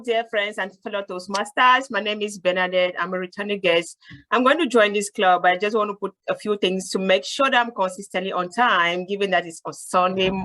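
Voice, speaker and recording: A woman's voice: medium pitch, a bit bright. A woman introducing herself as a returning guest at an online club meeting, friendly and upbeat. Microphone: video call.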